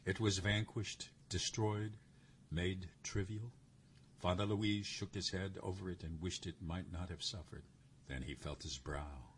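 Deep-voiced male story reader. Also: a little hiss or hum. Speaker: narrator. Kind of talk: story reading.

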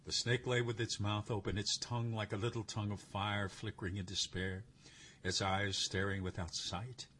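A man narrating a story in a measured, expressive way. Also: fairly low pitch, slight background noise. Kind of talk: story reading.

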